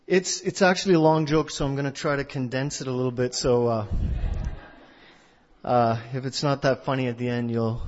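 A male pastor giving a sermon, telling a story in a conversational way that swings between loud and hushed. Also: medium pitch. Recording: dull lo-fi recording.

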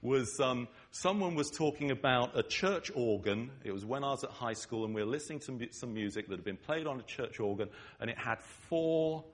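A man's voice: medium pitch, expressive, a little fast, few pauses. A man with an English accent preaching a sermon, emphatic, often checking in with his listeners with "okay?".

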